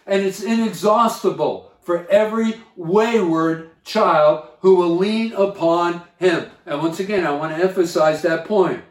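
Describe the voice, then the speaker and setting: A man preaching a sermon as a pastor, slow and deliberate, stressing key words with pauses. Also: high voice, reverberant.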